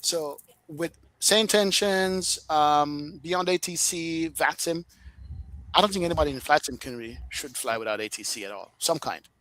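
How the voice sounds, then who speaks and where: Animated Jamaican man, higher voice. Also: moderate pace, low-quality recording. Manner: animated storyteller, laughs often. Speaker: flight sim streamer guest. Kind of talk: casual podcast chat.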